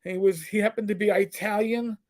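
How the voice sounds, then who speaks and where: Speaking a little fast, the middle-aged man has a high, darkish voice with fairly even intonation. As co-host, he tells crude, joking stories in casual chat and occasionally puts on voices.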